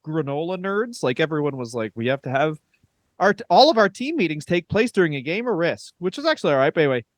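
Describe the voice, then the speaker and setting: Guy on a podcast telling a rambling funny story, swears a lot, bit high voice, dry close sound. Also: sing-song, quick pace, no room sound. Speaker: podcast co-host. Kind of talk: casual chat.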